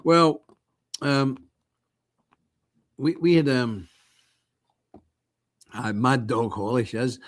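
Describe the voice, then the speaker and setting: A man with a Northern Irish accent giving rambling, blunt livestream commentary, animated and full of restarts and asides. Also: mid-range voice. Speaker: livestream host.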